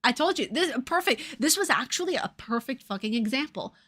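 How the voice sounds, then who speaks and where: A woman with a New Jersey and New York accent, chatting casually on a livestream, sarcastic and profane, jumping between loud jabs and muttered asides. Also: sits high, expressive, a little fast, husky. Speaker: streamer.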